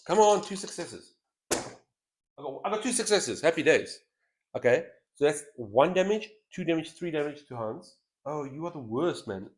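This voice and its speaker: A man talking through his turns in a solo board game, voice rising and falling with a lively, animated range. He weighs options out loud in relaxed, casual commentary. He speaks into a thin headset boom mic. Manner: thinks aloud, weighing moves. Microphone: headset mic with a straw-like boom.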